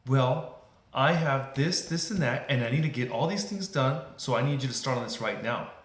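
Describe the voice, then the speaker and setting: A man voicing an irritated, stressed woman customer who complains in a rushed, exasperated way, in a roomy space. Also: mid-range voice, lively intonation, bright, forceful tone. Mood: demanding. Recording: roomy echo.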